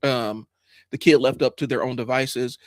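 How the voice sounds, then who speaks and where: A man with a stuffy head cold talks through a live stream in a casual, rambling monologue, full of ums and restarts. He is frank and swears now and then when something annoys him. His voice sits at a middle pitch and sounds dry and close, with no room around it. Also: fairly even intonation, normal speed, no room sound. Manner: frank, rambling with many fillers and restarts, greets chat viewers.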